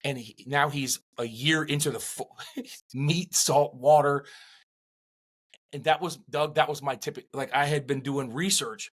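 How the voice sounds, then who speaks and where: A middle-aged man in casual podcast chat, animated and rambling, with many restarts. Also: medium pitch, measured pace. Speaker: podcast co-host.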